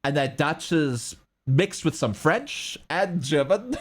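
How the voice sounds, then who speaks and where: A man's voice: a little high, takes it slowly. A young man from South Africa with a South African accent, chatting casually and rambling with his livestream viewers. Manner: rambling, lively, laughs often.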